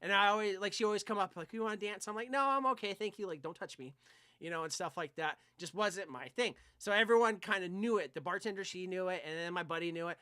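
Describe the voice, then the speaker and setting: A young male podcast co-host tells a rambling, profane story in casual, animated chat. He talks fast in a high, clean-toned voice, and there's no room sound at all.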